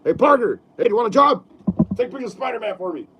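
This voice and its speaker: A man doing an impression of a gruff newspaper editor who barks rapid, demanding shouts. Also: very high-pitched, expressive, background noise. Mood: barking orders.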